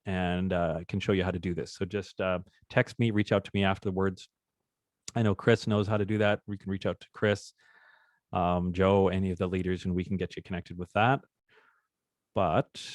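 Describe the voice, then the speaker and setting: With a low, slightly dark voice and no echo on the recording, this man leads a relaxed live trading session. He's chatty and upbeat as he walks through the charts, joking around with the group.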